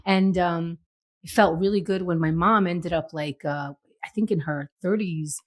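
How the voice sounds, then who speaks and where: A woman co-hosting a rewatch podcast in easy, casual chat. She talks with lively swings in pitch and drops into acted quotes as she tells stories. Her voice sits fairly low for a woman. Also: a little slow. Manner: animated, storytelling with acted quotes. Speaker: podcast co-host.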